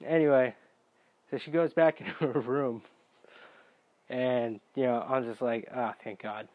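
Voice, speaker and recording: A man's voice: mid-range voice, a little slow, no echo, narrow, tinny audio. Profane young man telling a storytime rant. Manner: profane, exasperated, bursts into shouting.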